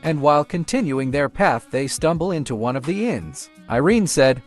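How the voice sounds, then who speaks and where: A man narrating a comic story recap in an animated storytelling way. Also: a little high, moderate pace, hardly any pauses, soft background music.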